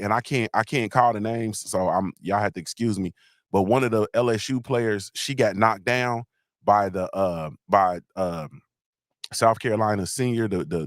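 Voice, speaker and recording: Low-voiced man telling a rambling story. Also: normal speed, dry recording, clean studio sound. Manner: rambling and slangy, keeps asking "you feel me?". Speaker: host of a live motivational show. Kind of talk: casual storytelling on a livestream.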